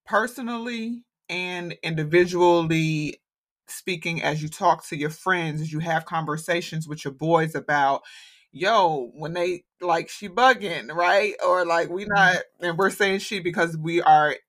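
A woman's voice: fairly low pitch, a little slow, fairly bright tone. Woman hosting a casual podcast. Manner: conversational, frequent affirmations. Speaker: podcast host. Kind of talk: casual chat, leading discussion.

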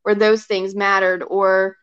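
A young woman talks casually as a podcast guest, at a middle pitch. Her talk is loose and full of fillers and quick acted-out quotes. The recording is dry and a little dull. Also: flat delivery, clean tone, dry recording. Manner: chatty, filler-heavy, often acts out quotes. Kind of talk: casual chat. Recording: dry, slightly dull sound.

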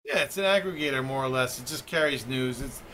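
A man in casual interview chat, answering in short, plain replies and brief explanations as a podcast guest. His voice sits at an ordinary middle pitch, with faint noise behind him. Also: brisk, fairly bright tone, rough recording. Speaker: guest, media company founder.

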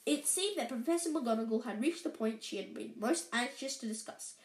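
A woman's voice: a little high, expressive, a little fast. A woman reading a story aloud, with small slips and restarts. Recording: roomy echo.

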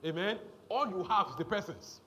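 A man's voice: high-pitched, animated, normal speed, pushed and bright, slight background noise. A man preaching a sermon, emphatic and repetitive, often checking in with the congregation.

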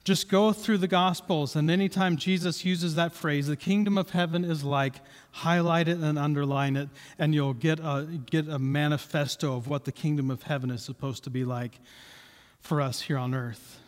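A man's voice: fairly high pitch, steady tone, normal speed. A man preaching a sermon in a conversational way, repeating key points for emphasis. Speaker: pastor. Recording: reverberant hall.

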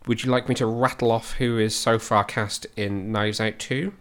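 Talking about movie news and trailers, this podcast host is chatty and joking as he rattles through the updates. His voice is fairly low and fairly bright, with fairly even intonation and a normal speed.

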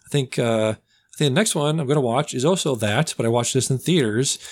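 A young man casually reviewing movies on a podcast, rambling and slipping into loud, comic put-on accents. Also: medium pitch, fairly quick. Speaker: podcast host.

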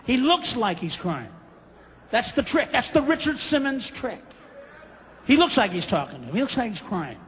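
A man doing a stand-up comedy routine, ranting and swearing, breaking into shouted impressions. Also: big pitch swings, moderate pace. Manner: profane, ranting, shouts into high-pitched impressions. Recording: live hall with audience, faint crowd noise.

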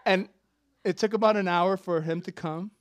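Storytelling male preacher, slightly high. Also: steady tone, moderate pace, no echo. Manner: conversational storytelling with sudden loud emphatic bursts. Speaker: pastor. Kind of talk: sermon.

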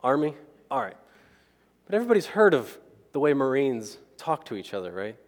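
A man delivers a sermon as a casual personal story, often pausing to check in with his listeners. His voice sits at an ordinary middle pitch. It rings out with a long reverb through a large hall. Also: very animated. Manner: conversational, keeps asking the crowd "right?".

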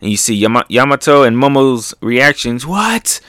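A manga reaction host with a smooth, mid-range voice and moderate pace gives casual commentary while narrating a comic chapter. Recorded close and dry with no room sound, he is animated, laughing often and breaking into playful sound effects.

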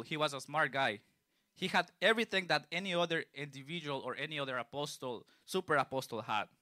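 Bright, high-voiced young preacher. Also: male voice, no echo, clean studio sound. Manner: conversational, reads scripture aloud then explains it plainly. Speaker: youth preacher. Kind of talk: sermon.

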